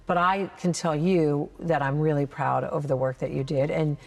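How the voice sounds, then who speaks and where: A woman's voice: low voice, steady tone, normal speed, gravelly, a little mellow. A woman host and competition judge giving emphatic, encouraging feedback in a casual interview. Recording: roomy reverb with faint music.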